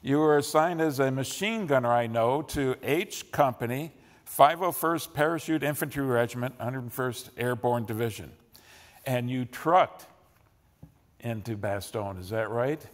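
Male interviewer, mid pitch, measured prompting, hall reverb. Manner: measured, introducing and prompting the guest. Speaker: oral history interviewer. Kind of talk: public interview.

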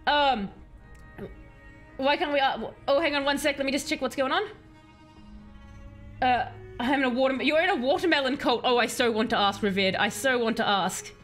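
A woman's voice: high voice, moderate pace, long pauses, fairly bright tone, faint music behind. A woman with an Australian accent that at times turns British, chatting casually with viewers and giggling while playing a game on stream. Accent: Australian, at times British-tinged.

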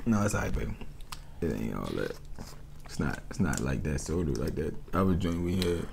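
A young American man with an extremely deep voice tries snacks with his partner, cracking jokes and drawing out his reactions. Crinkling wrappers and clear background noise run under the talk. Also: big pitch swings. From United States. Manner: joking, playful, drawn-out reactions. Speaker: co-host of snack review channel. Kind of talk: casual snack taste-test chat.

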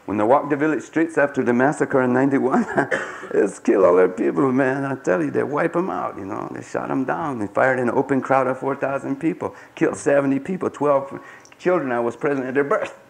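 A man speaking at a conference to a live audience, telling stories with great passion, swinging from low murmurs to high cries, in a 1990s archival recording. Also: brisk, vocal fry, slight background noise. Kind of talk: storytelling talk to an audience. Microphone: 1990s archival live talk recording.

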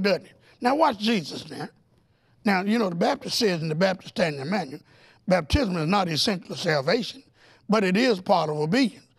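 A TV Bible teacher, male, speaks with a notably high pitch and a raspy, fried edge. He leans hard into his points, challenges the audience with rhetorical questions, and keeps mounting toward excited, almost yelled peaks.

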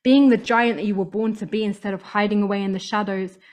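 A woman's voice: mid-range voice, steady tone, fast talker, a little mellow. A woman, working as a voice coach, giving an upbeat motivational talk to a live audience and stressing key words by repeating them.

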